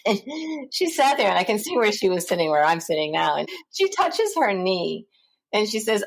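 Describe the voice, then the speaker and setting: A middle-aged woman, a guest in an interview, telling stories in a lively way and acting out the people she quotes. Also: medium pitch, normal speed. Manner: animated, acts out quoted voices. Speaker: guest, founder of a parent support center. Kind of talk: conversational interview storytelling.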